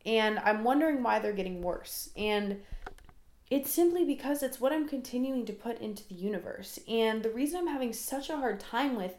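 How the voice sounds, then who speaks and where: A young woman hosting her own podcast, rambling and self-deprecating in casual solo chat. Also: medium pitch. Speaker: podcast host. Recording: echoey room.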